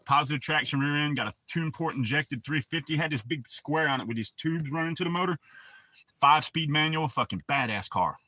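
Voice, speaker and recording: Guy on a stream rambling about old cars, cussing a lot, bright punchy voice. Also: on the high side, fairly quick, no echo. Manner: profane, rambling, answers chat. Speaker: livestream host. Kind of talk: casual livestream storytelling.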